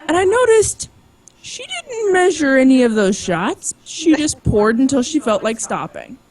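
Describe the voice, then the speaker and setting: Animated woman telling a story, high voice. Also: a little slow. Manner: animated storyteller acting out quotes. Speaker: tabletop game player. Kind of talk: casual anecdote among friends.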